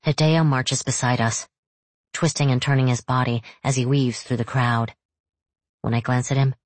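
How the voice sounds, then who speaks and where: Give me a husky audiobook narrator. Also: medium pitch, dry recording. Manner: steady, measured storytelling. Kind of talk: scripted first-person narration.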